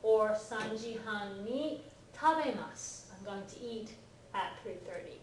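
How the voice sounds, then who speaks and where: With lively intonation and a measured pace, a mid-range female voice teaches Japanese grammar, patiently peppering the lesson with "right?" and "okay?" to check the class follows. It's recorded from far off in an echoey classroom, with a little hiss or hum.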